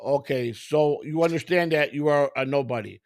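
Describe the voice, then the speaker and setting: A man with a gravelly voice and a fairly high pitch, telling a profane story on a podcast. His delivery is loud and animated. The recording is close and dry. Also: moderate pace, no room sound. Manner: profane, animated, acts out other people's voices in quotes. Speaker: podcast host. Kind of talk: crude comedic storytelling.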